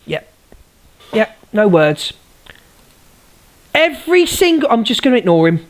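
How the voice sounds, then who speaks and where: A woman's voice: fairly low pitch, lively intonation, moderate pace, darkish tone. A woman ranting angrily at viewers on a live stream, swearing and repeating herself.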